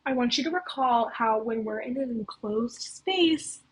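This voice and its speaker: A woman's voice: fairly high pitch, expressive, a little slow, breathy edge, poor audio. A young woman casually recapping a story plot, chatty and full of "like". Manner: chatty, heavy use of "like". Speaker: video essayist.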